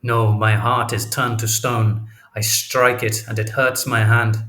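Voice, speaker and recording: A man's voice: mid-range voice, level tone, a little slow, a bit bright, lightly acted. A man reading the lines of an anguished, jealous male general in an audiobook, drawing out his impassioned words.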